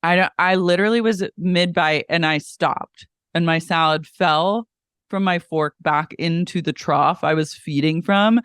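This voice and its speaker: A man's voice: a little high, unhurried, fairly bright tone, clean tone, no room sound, studio quality. A man co-hosting a podcast, telling gossip in a dramatic, indignant, campy way. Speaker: podcast co-host. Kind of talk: casual reality-TV recap chat.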